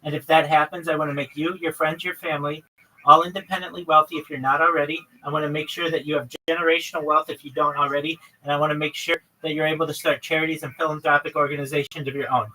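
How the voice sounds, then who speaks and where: A man's voice: a little high, flat delivery, quick pace, sharp tone, far from the mic, low-quality recording. A man hosting a livestream chat with a caller, earnestly listing his plans in long runs. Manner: earnest, lists many topics in long runs. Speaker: livestream host.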